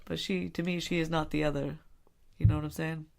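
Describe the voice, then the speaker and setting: A woman's voice: low-pitched, little pitch movement, fairly quick, vocal fry, a little mellow. A woman co-hosting a podcast in casual, rambling chat, loose and giggly as she talks. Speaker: podcast co-host.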